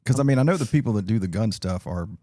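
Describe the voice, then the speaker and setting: A man's voice: on the low side, expressive, fast, warm tone, no echo, clean studio sound. A man hosting a casual podcast, mostly giving short replies and laughing along. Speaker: podcast host.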